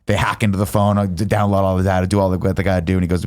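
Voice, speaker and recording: With a deep, expressive voice and rapid-fire delivery, a man in his thirties casually reviews a movie on his podcast. He acts out the quoted lines, swearing included.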